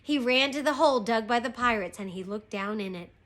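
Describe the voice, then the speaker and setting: A woman teacher reading a chapter book aloud to her class, slow and expressive. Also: a little high. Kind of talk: storybook read-aloud.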